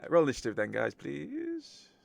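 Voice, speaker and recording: A man's voice: fairly high pitch, huge pitch swings, moderate pace, vocal fry, no room sound. A man narrating a tabletop game as game master over an online voice call, joking and laughing easily. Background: faint battle music.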